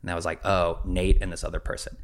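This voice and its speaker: A young man, a guest on a podcast, telling animated stories about his work and acting out the dialogue. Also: deep voice, fast, vocal fry. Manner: animated storyteller, acts out dialogue in voices. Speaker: guest, videographer and producer. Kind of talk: casual podcast conversation.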